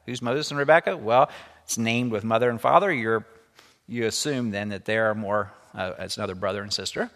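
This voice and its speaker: A man's voice: on the low side, lively intonation, moderate pace, a bit bright. A man teaching a lesson, reading a children's story aloud and stopping to explain it. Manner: explanatory, stops to comment. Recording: echoey room with long reverb.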